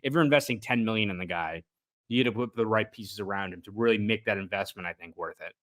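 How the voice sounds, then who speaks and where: A man's voice: lowish voice, fast, fairly bright tone, no echo. A young man with a Boston accent co-hosting a sports podcast, thoughtful and rambling, often correcting himself mid-sentence. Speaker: sports reporter, podcast co-host. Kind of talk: casual sports podcast chat.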